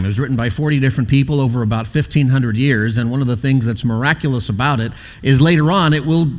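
Man preaching in a reverberant church hall. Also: mid-range voice. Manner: storytelling, acting out quoted voices. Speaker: pastor. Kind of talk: sermon.

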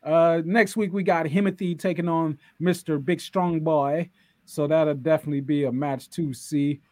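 A man co-hosting a casual wrestling podcast, animated and joking as he recaps the show. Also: on the high side, normal speed, dry recording. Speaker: podcast co-host.

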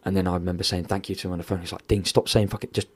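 A man telling a painful personal story in an interview, emotional and near tears, halting and swearing often. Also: deep voice, level tone, husky. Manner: candid, heavy swearing, halting restarts. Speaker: podcast guest.

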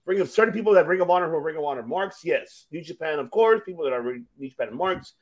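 A man with a notably high speaking voice hosts a casual chat. He talks excitably, laughs often and swears freely. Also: quick pace. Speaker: podcast host.

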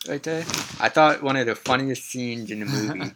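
A man co-hosting a podcast in relaxed casual chat, asking questions and quoting film scenes. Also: mid-range voice, normal speed. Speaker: podcast co-host.

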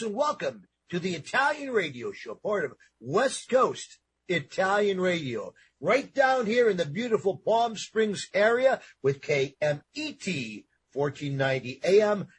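A man's voice: high-pitched, breathy edge. A man hosting a radio show in a studio, chatting casually and rambling with lots of fillers and repeats.

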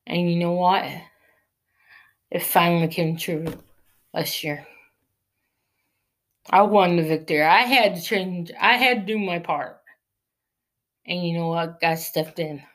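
A woman giving an earnest personal faith testimony, preaching encouragement. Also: on the low side. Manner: earnest, preachy, slow and deliberate.

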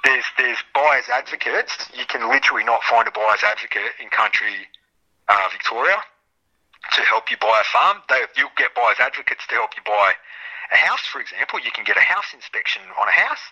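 Brash Australian man on a bright, thin line. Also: mid-range voice, animated, brisk, slightly rough, highs cut off. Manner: swears freely, rambling storyteller who acts out other people's voices. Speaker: guest. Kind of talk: casual chat.

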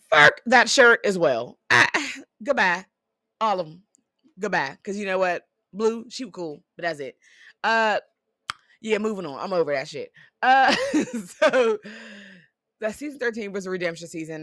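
A vlogger giving blunt, profane opinions in casual commentary, swinging between loud outbursts and muttered asides. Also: medium pitch, no room sound, studio quality.

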